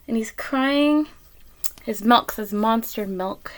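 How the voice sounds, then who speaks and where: A woman reading a picture book aloud to children, gentle and expressive, with gasps and little asides to her listeners. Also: fairly high pitch, drawn-out words. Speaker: read-aloud reader.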